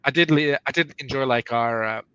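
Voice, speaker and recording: A bright-voiced man banters playfully on a live stream, reading chat messages and laughing at his own jokes. His voice is forceful and clear, captured dry and close to the mic. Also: mid-range voice, fairly quick, dry recording, lo-fi sound. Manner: playful, joking, laughs often. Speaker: podcast co-host reading chat.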